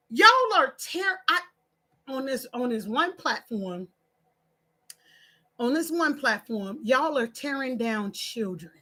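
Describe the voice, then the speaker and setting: High, lively, impassioned woman vlogging. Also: unhurried. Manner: impassioned and preachy, rambling with restarts; scolding, like a stern auntie. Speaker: social media creator. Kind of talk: emotional direct-to-camera monologue.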